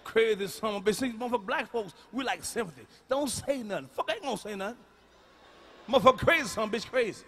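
Loud cussing comic guy, high bright voice, live stage mic with faint hiss. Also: animated, quick pace. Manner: profane, emphatic, shouting punchlines. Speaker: stand-up comedian. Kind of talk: stand-up comedy routine. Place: large concert venue.

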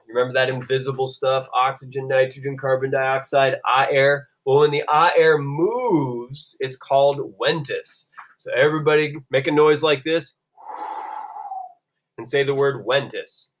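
A man teaching a Latin lesson to a class, asking everyone to repeat phrases and saying the Latin words slowly and clearly. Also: medium pitch, a bit bright. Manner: call-and-response, drawing out Latin phrases slowly. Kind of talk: classroom-style video lesson.

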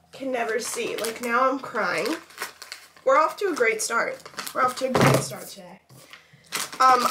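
Young female vlogger, casual and self-deprecating, a touch high-pitched, home camera recording with faint noise. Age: young adult. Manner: rambling, self-deprecating, anxious. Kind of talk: casual vlog chat. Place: home, indoors.

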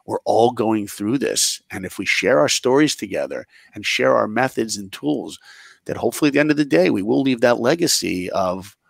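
A man in his forties, a podcast guest, chatting casually as a lively storyteller. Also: mid-range voice, moderate pace, creaky, breathy edge, dry recording. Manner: animated storyteller. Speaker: guest, animation director.

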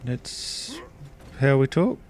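A man's voice: medium pitch, big pitch swings, drawn-out words, background noise. A man with an Australian accent, mumbling and rambling through casual gameplay commentary. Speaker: let's play gamer.

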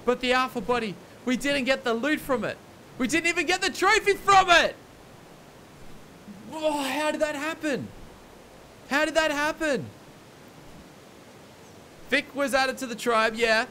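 Bright high-voiced young man gaming. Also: measured pace, long pauses, slight background noise. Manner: panicked, exasperated, repeats himself. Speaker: gaming YouTuber. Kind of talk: let's play commentary.

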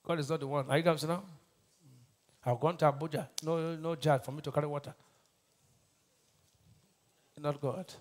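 A Nigerian pastor preaching a sermon, asking the congregation to finish his lines and swinging between shouted bursts and quiet asides. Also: a little high, fairly even intonation, normal speed, long pauses. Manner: call-and-response preaching, asks the crowd to finish his lines.

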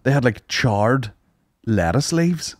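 Male podcast co-host; animated, profane storyteller with a very lively pitch, close dry mic. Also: takes it slowly, no room sound. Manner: animated storyteller, swears a lot, mimics people in high voices. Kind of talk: casual chat.

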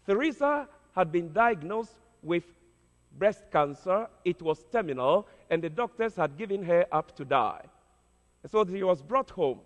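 A man's voice: high-pitched, expressive, unhurried. A man preaching as a pastor, telling a story earnestly and dramatically, with hesitant fillers. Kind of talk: storytelling sermon. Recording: long hall reverb.

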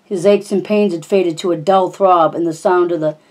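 Brief: woman audiobook reader, low warm voice, plain steady reading. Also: normal speed. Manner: steady, plain narration with small slips. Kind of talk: reading a novel aloud.

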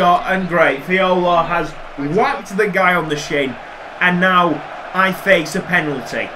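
A young man commentating his football video game, excitable and quick to swear and shout at near misses. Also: high-pitched. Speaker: gaming commentator. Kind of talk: casual gameplay commentary. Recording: crowd noise from game audio.

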